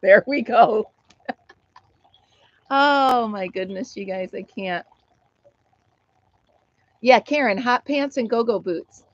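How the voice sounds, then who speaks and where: A woman's voice: fairly high pitch, slow pace, pauses often, dry recording, highs cut off. A middle-aged American woman hosting a casual live stream chat, telling a funny story and laughing often as she reads viewer comments.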